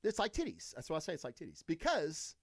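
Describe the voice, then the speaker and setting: A man's voice: a little high, wildly swooping pitch, fast talker, no room sound. Guy rambling on his podcast, cussing nonstop, voice bouncing all over, dry close sound. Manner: crude, rambling, swears constantly. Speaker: podcast host. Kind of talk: profane casual monologue.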